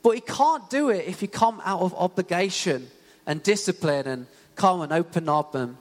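Young man preaching, high voice. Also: moderate pace. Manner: conversational, animated storytelling with many fillers. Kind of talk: sermon. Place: church hall. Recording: long church hall reverb.

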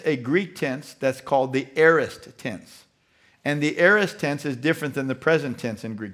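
A man's voice: medium pitch, fairly bright tone. A man preaching a sermon as pastor, emphatic and rhetorical with a preachy cadence.

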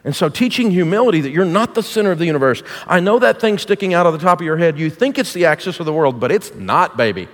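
A man's voice: high-pitched, expressive, fast, few pauses. A middle-aged man preaching as a guest speaker to a church congregation, folksy, punchy and jokey. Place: church auditorium. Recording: long reverb of a large hall.

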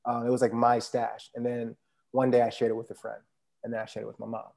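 A man's voice: medium pitch, monotone, fast, creaky, darkish tone. A man chatting casually as a podcast guest, laid-back and rambling with many fillers. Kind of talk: casual conversation.

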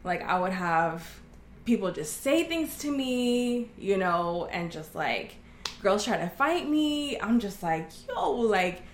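A woman's voice: mid-range voice, very animated, takes it slowly, a little hiss or hum. A woman from Oklahoma giving a candid, earnest personal testimony as an interview guest, acting out the voices of people in her story. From Oklahoma, USA. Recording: echoey room.

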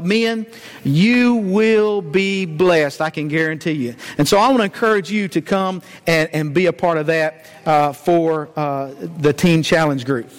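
Man, high voice, church lesson, folksy, pauses on "uh" a lot. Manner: folksy, many "uh" fillers. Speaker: church teacher. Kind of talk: Sunday morning sermon lesson.

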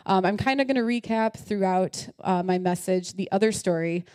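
A young woman preaching a sermon, reading scripture aloud and speaking directly to her listeners in a lively, animated way. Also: medium pitch, normal speed, clear, resonant tone, no room sound, studio quality.

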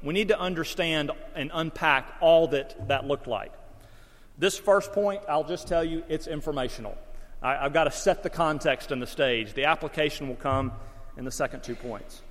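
Story-telling pastor, slightly high voice, hall reverb. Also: male voice, normal speed, fairly bright tone. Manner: folksy storytelling, self-deprecating humor. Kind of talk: sermon.

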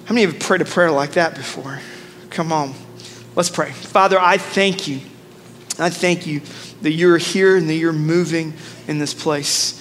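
High-voiced preacher man in a reverberant church. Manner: energetic, humorous, leads congregation call-and-response. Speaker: pastor. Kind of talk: sermon. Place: large church sanctuary. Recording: long church reverb, faint noise.

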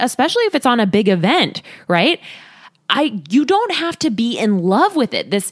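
A woman hosting a talk, coaching listeners in an earnest, expressive way and acting out their inner voices. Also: a little high, normal speed, dry recording, clean studio sound. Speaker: podcast host, body image coach. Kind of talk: casual motivational talk.

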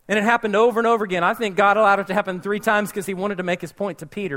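Animated high-voiced man preaching. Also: fast, few pauses. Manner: animated storytelling, acting out voices. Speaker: pastor. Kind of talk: sermon.

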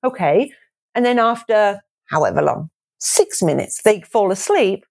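Animated woman explaining parenting. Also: unhurried, vocal fry. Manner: animated, acts out voices with big pitch jumps; laughs often. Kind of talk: casual conversational explanation.

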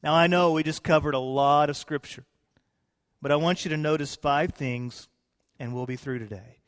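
Pastor preaching in an echoing hall. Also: male voice, a little high, normal speed. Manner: animated retelling with playful asides. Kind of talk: sermon.

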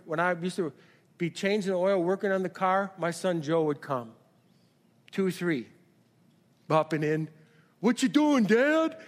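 A middle-aged man preaching a sermon as pastor, calling out questions to the congregation and building to shouts. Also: high voice. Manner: call-and-response preaching, rises to shouts. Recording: long hall reverb.

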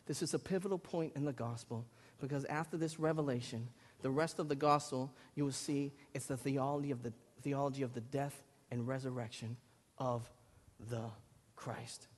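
A man in his thirties with a Lynn, Massachusetts accent, preaching a sermon and telling stories animatedly, getting loud at times. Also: medium pitch, slightly rough. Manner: animated storytelling, rising to loud bursts. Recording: long hall reverb.

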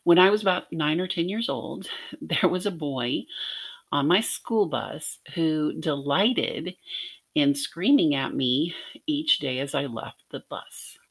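A woman's voice: low voice, expressive, slow pace, vocal fry, slightly rough. A middle-aged woman from Arkansas teaching a devotional lesson, telling a personal story in an earnest way with light laughs. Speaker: podcast teacher.

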